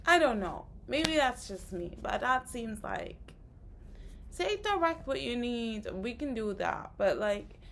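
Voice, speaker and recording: A woman's voice: a little high, big pitch swings, takes it slowly, creaky, a little hiss or hum. A woman vlogger in a casual, rambling rant, sounding tired and frustrated. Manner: rambling, frustrated, many fillers. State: tired, exhausted. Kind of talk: casual spoken rant to camera.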